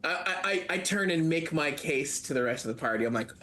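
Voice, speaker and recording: A man playing a tabletop game who talks haltingly and often searches for his words. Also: fairly high pitch, animated, sharp tone, slight background noise. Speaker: player.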